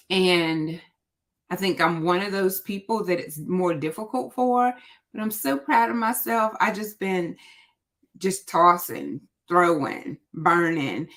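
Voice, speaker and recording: Rambling woman hosting a livestream. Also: fairly low pitch. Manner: rambling, thinking aloud with many fillers. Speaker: livestream host. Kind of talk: casual livestream chat.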